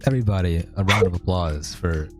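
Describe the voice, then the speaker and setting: A man's voice: deep voice, fairly quick, music in the background. A man co-hosting a podcast in casual chat, laid-back and laughing along. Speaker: podcast co-host.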